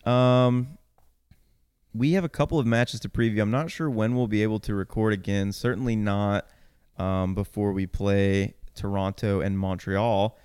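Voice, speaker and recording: Low, smooth-voiced young man. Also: moderate pace, dry recording, studio quality. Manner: relaxed, rambling storytelling with many fillers. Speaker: podcast co-host. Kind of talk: casual sports podcast chat.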